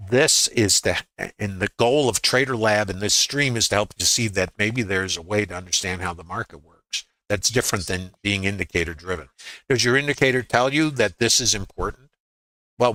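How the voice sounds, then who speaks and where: Guy walking through live trades, bright forceful voice, dry close sound, keeps asking questions back at you. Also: medium pitch, no room sound. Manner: teaching through rhetorical questions; conversational with frequent fillers and restarts. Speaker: trading educator. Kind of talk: live trading walkthrough.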